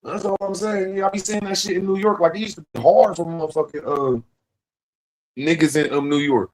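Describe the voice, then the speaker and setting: High-pitched guy ranting on his stream, cussing a lot, rambling and loud about it. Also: fairly even intonation, brisk, rough recording. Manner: profane, rambling, emphatic. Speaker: livestream host. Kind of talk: casual rant.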